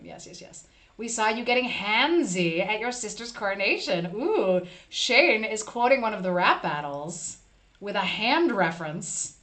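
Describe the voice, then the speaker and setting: A woman's voice: mid-range voice, sharp tone. A woman hosting a casual live stream, chatting with viewers and reading their comments aloud.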